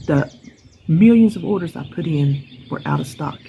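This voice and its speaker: A woman's voice: low voice, expressive, moderate pace, vocal fry, dark tone, a little hiss or hum. A woman with a Southern US accent chatting casually on a porch, a rambling folksy storyteller. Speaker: vlogger. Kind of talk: casual chat vlog. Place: outdoors on a porch with birds around.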